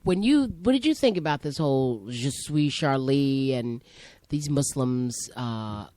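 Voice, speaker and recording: A woman's voice: extremely low pitch, animated, unhurried, warm tone, no room sound. A woman co-hosting a casual chat, asking skeptical, probing questions. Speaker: podcast co-host.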